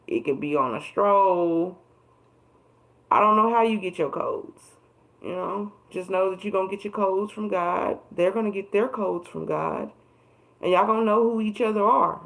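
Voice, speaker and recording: A woman reads tarot cards live in a loose, conversational way. Her voice is gravelly with frequent vocal fry. She swears freely and stacks repeated words when she wants to stress a point. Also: medium pitch, moderate pace, low-quality recording. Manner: emphatic, profane, repeats phrases for emphasis. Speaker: tarot reader. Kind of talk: casual tarot reading livestream.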